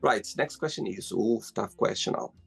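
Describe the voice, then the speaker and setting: A man's voice: on the low side, moderate pace, gravelly, slightly rough, soft background music. A man hosting a casual interview, asking questions playfully and teasing his guest. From London, England. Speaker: host.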